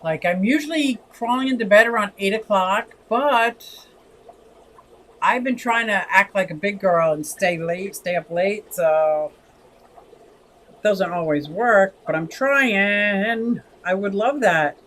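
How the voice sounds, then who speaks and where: A woman's voice: medium pitch, slow, rough recording. A woman over sixty from Pennsylvania, hosting a casual livestream and chatting expressively as she reads viewer comments. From Pennsylvania, USA. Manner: chatty and expressive, often sways between lively and soft. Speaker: livestream host.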